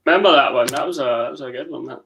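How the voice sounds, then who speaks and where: Bright, teasing man. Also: mid-range voice, rapid-fire, vocal fry, recorded from a distance, a little hiss or hum, low-quality recording. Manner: teasing banter. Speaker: guest. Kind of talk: live stream chat.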